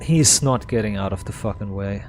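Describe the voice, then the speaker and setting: A man's voice: fairly low pitch, moderate pace, noisy background. A man streaming a game, ranting in exasperation, swearing a lot and stammering as he repeats himself. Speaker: gameplay streamer. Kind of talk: live gameplay commentary.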